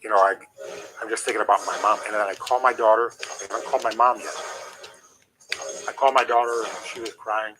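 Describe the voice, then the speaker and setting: A middle-aged man, a former wrestler, telling rambling, animated stories as an interview guest. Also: lowish voice, fairly quick, background noise. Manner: rambling, animated anecdotes with restarts. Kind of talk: casual storytelling.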